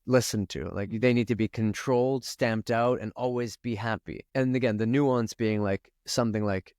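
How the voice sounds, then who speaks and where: A man's voice: mid-range voice, fairly even intonation, moderate pace, hardly any pauses, a little mellow, clear, resonant tone, no room sound, clean studio sound. A man, a spiritual coach and podcast guest, speaking earnestly and openly, swearing now and then. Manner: earnest, confessional, swears casually. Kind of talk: candid conversational interview.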